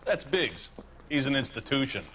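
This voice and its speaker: A brisk police commander. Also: male voice, medium pitch, very animated, sharp tone, slight background noise. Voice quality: brisk, businesslike. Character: gruff, matter-of-fact older male police commander.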